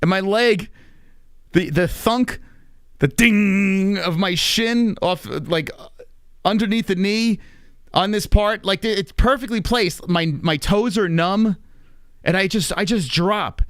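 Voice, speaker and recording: A man in his thirties hosting a live stream, telling rambling, profane anecdotes in a casual, animated way. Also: sits high, takes it slowly, smooth, no room sound, studio quality. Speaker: stream host.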